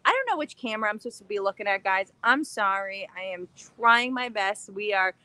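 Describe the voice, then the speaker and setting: A young woman hosting a casual craft-channel livestream from her backyard, bubbly and excited, chatting in a scattered, rambling way. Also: mid-range voice, brisk, no echo. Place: backyard, outdoors.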